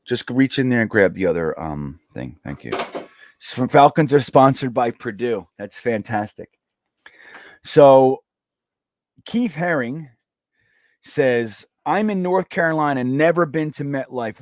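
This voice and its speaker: Animated chatty man hosting a live stream. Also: mid-range voice, no room sound, studio quality. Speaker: host of a live watch party stream. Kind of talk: casual live-stream chat reading viewer comments.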